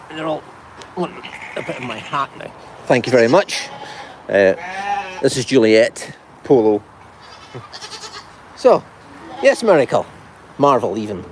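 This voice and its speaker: A man's voice: mid-range voice, noisy background. A man hosting a casual farm video, chatting and cooing affectionately at his goats in an animal pen, filmed on a phone. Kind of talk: casual talk to animals and viewers.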